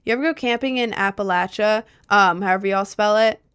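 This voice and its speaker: A woman's voice: mid-range voice, fairly quick, a bit bright, clear, resonant tone. A young woman from rural Maryland with a faint Southern lilt, chatting casually on a stream and answering questions from chat as they come in. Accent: slight Southern lilt on some words. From rural Maryland, United States. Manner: rambling, chatty, with frequent fillers and laughs.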